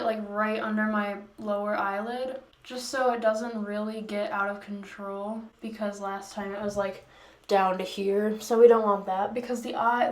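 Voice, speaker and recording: A woman vlogger chatting through a makeup tutorial, rambling and making fun of herself along the way. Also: medium pitch. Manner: rambling, self-mocking, joking asides. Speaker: beauty vlogger. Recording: echoey room.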